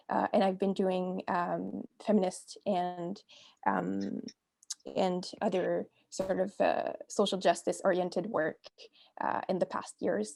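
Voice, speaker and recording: A woman's voice: medium pitch, vocal fry, a little mellow. Earnest young woman panelist on video call. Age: young adult. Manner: earnest, halting with frequent fillers.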